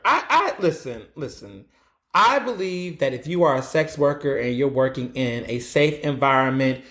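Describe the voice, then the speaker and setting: A man hosting a solo podcast, telling stories in an animated way and acting out his own exclamations. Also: medium pitch, echoey room. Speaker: podcast host.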